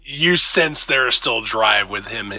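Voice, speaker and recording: A man's voice: on the low side, animated, a little slow, vocal fry, sharp tone, low-quality recording. A man narrating as game master of a tabletop game, laid-back and laughing.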